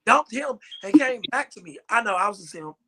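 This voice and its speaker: A man's voice: high-pitched, brisk, a crowd in the background. A man co-hosting a podcast, chatting casually and telling stories with lots of swearing and slang. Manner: animated storytelling, swearing, slang-heavy. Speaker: podcast co-host. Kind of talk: casual chat.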